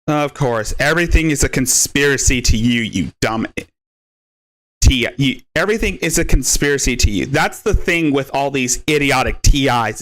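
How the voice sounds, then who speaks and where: A man's voice: medium pitch, fairly bright tone. A male podcast host giving mocking, scornful commentary on a livestream.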